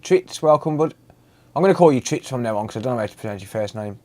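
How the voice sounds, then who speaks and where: A man's voice: mid-range voice, expressive, fast talker, dark tone. A man hosting a casual live stream, greeting viewers by name and chatting loosely.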